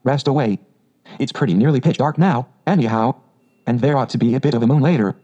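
A man voicing a kind, practical male water rat, reading his lines in a steady, matter-of-fact way. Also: medium pitch, fairly quick, husky, lo-fi sound, lightly acted.

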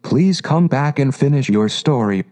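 A man's voice: mid-range voice, animated, a little slow, darkish tone, lightly acted. A man reading a storybook aloud and voicing a polite, curious little girl who speaks earnestly and a little plaintively. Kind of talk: audiobook reading.

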